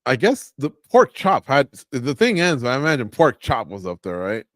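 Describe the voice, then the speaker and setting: A man co-hosting a live fight watch-along, chatting casually and telling stories with lively acted-out quotes. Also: medium pitch, normal speed, no room sound, clean studio sound. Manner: animated storyteller, acts out quotes. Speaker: co-host.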